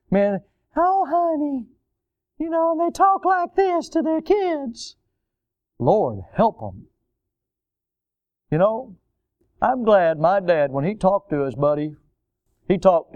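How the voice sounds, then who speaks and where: A male preacher delivering a sermon in a smooth, resonant voice pitched a bit above most men's. He is emphatic and keeps repeating words to press his points home. The recording is dry and somewhat dull and lo-fi. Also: a little mellow.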